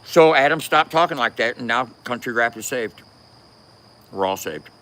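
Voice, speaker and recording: A man's voice: medium pitch, fairly quick, pushed and bright. A man giving a casual, profane rant as a commentator, cursing and laughing often.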